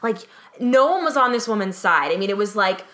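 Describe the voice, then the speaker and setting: Here a young adult woman talks fast, her pitch sitting in the middle range. As a podcast co-host in easygoing conversation, she narrates a story animatedly and plays out the quoted characters.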